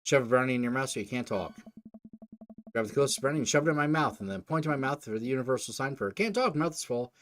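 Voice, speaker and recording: A man's voice: mid-range voice, fast. A young man, a let's play host, reading a dating game aloud with joking, crude asides. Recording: faint game music behind.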